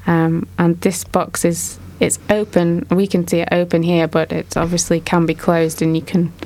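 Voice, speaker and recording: A woman leading a casual art discussion, a mother, describing artworks slowly and thoughtfully. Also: fairly low pitch, flat delivery, a little mellow. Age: adult mother. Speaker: discussion moderator.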